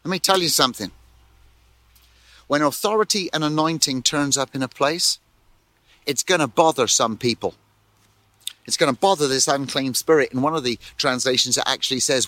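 A man pastor preaching a sermon in an animated way, full of rhetorical questions and repeated words. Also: medium pitch, normal speed, long pauses, no echo.

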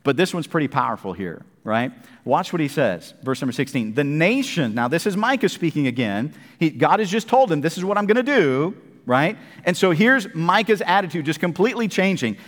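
A man's voice: fairly high pitch, big pitch swings, fairly quick, fairly bright tone, big-room sound. A man preaching a sermon, chatting casually between emphatic scripture readings at a church service.

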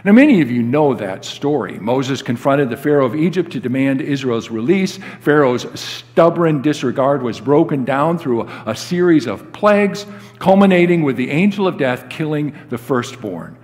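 A man's voice: mid-range voice, big pitch swings, normal speed, a little mellow. Older male pastor preaching in a church hall. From United States. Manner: storytelling, acts out quoted dialogue with rising emphasis. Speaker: guest pastor. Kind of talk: sermon. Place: church sanctuary. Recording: long hall reverb.

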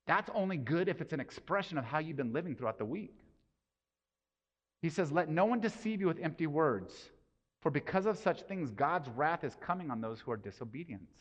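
Casual preacher in a reverberant hall. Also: male voice, fairly high pitch, animated, a little fast. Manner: casual, conversational preaching with rhetorical questions. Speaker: pastor. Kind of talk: sermon. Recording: dull sound with long hall reverb.

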